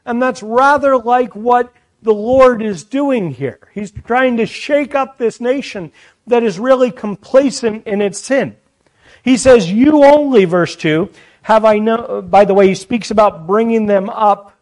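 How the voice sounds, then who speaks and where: A man preaching a sermon, teaching earnestly from scripture with chatty asides to the congregation. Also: high-pitched.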